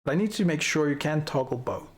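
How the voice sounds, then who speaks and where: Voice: medium pitch, animated, fast. A young adult livestreamer chatting casually with viewers while showing off an avatar model, giggling often and rambling through thoughts. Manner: giggly, rambling, talks to chat. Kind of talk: casual live-stream chat.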